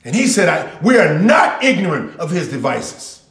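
High-voiced guy preaching, folksy and emphatic, keeps repeating lines, echoey room. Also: big pitch swings, normal speed, a bit bright, far from the mic. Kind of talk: sermon. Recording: roomy echo.

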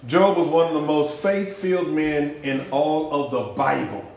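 A man preaching a sermon with passion, using street slang, swinging between loud shouts and low hushed lines. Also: unhurried, vocal fry, echoey room. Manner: uses street slang for emphasis.

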